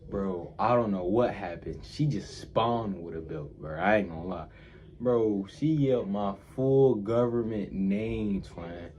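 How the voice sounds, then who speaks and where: A man's voice: on the low side, dark tone, slight background noise. A young man answering fan questions in a casual vlog. He talks in heavy slang, rambles, and repeats himself often.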